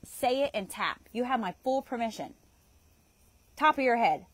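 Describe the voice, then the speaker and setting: A woman's voice: fairly high pitch, expressive, normal speed, dry recording, rough recording. A woman guiding an EFT tapping session outdoors, talking casually, swearing freely and laughing often. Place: outdoors in a yard at dusk.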